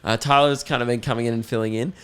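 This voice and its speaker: A young Australian man hosts a casual podcast chat. He tells stories in an animated way, laughing often and swearing freely. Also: medium pitch, fast, clear, resonant tone. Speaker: podcast host.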